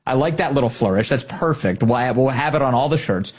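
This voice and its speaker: Husky, sarcastic talk radio host. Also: male voice, on the high side, fairly quick, few pauses. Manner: mocking, sarcastic, animated.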